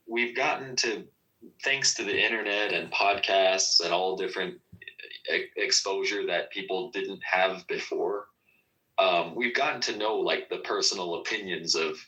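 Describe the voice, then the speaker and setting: A man's voice: low-pitched, sharp tone, poor audio. A man talking in a casual podcast chat, rambling with many fillers and restarts.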